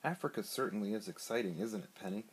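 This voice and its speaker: A man's voice: lowish voice, expressive, fast, husky. A man voicing a cheerful, bumbling inspector in a near-natural, upbeat voice, recorded on a handheld iPad. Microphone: iPad held in hand.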